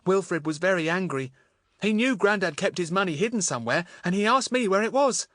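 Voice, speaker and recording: A man reading an audiobook, voicing a frightened, tearful young girl with a high, trembling, pleading voice. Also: lively intonation, a little fast, fairly bright tone, dry recording, clean studio sound. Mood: earnest. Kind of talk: audiobook character voice.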